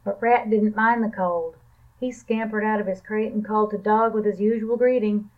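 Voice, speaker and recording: A woman librarian reading a children's picture book aloud in a calm, even storytelling manner. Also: medium pitch, moderate pace. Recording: tinny phone-like sound.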